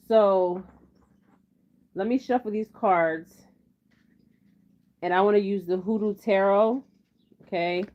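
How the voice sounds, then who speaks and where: Woman tarot vlogger, lower voice, loose rambling chat, dull home-video sound. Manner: chatty, rambling, frequent "okay?" tags. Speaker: tarot reader. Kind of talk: casual tarot reading vlog. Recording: slightly dull lo-fi audio.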